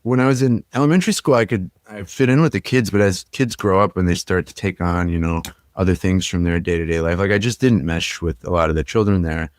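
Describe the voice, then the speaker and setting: A young man from Minnesota with a very low, deep voice reflects on his own past as a guest in a podcast interview, leaning on "like" and "you know." He speaks briskly, and the recording is close and dry with no echo or room sound.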